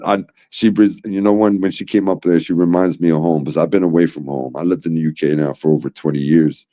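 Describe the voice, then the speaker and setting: A laid-back American man with a low, mellow voice. He chats casually on a live stream and often repeats himself. His speech is loose and friendly, full of "man" and "you know". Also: fairly even intonation, quick pace. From United States. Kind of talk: casual chat. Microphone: streaming call.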